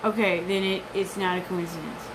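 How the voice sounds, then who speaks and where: A woman's voice: on the low side, fairly even intonation, brisk, background noise. A woman in her forties giving an intense, rambling, profane personal monologue. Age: 40s. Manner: intense, rambling, profane, jumps between topics.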